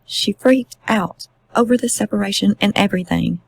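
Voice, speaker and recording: A woman gives voice to a young husband confessing in short, flat admissions. Her husky tone stays mid-pitch and mostly low-key. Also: moderate pace, no room sound, poor audio.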